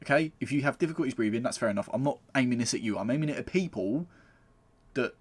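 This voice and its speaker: Man, blunt podcast anecdotes, middle-pitched voice. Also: animated, quick pace. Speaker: podcast co-host. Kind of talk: casual chat.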